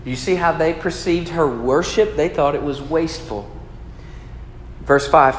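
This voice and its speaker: A man's voice: a little high, unhurried, a little hiss or hum. A pastor preaching a sermon in an earnest, conversational way, asking his listeners questions. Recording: echoey hall with long reverb.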